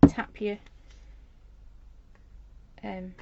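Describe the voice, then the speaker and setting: A chatty woman from Britain, rambling cheerfully while she demonstrates a journal craft project on a live stream. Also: extremely slow. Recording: dull lo-fi livestream audio with faint noise.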